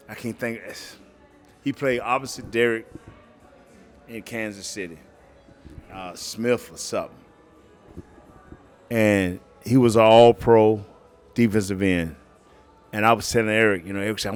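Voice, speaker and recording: A middle-aged man, a podcast guest telling lively stories, acting out quotes and laughing often. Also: mid-range voice. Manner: animated storyteller, acts out quotes, laughs often. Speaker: guest, former football player. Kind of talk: storytelling podcast interview.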